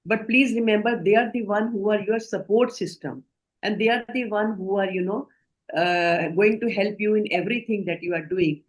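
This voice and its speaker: An Indian woman trainer talks through a communication skills lecture, steady and explanatory. She often stops to put questions to her group. Her pitch sits in the middle of the usual range. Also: moderate pace, rough recording. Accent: Indian English.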